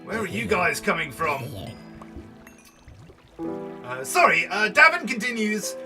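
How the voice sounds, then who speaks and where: A chatty man in his early thirties rambles through let's play commentary in a high, bouncy voice. He sounds a little distant from the mic, and background music plays under his talk. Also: very animated, a little slow, long pauses. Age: early 30s. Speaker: gaming host.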